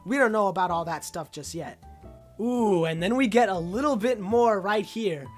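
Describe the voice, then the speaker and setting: Woman rambling excitedly about a game trailer, lots of uhs, middle pitch, faint music behind. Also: moderate pace. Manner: excited, rambling, many "uh" and "like" fillers. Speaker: video game trailer analyst. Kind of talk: casual commentary over a trailer.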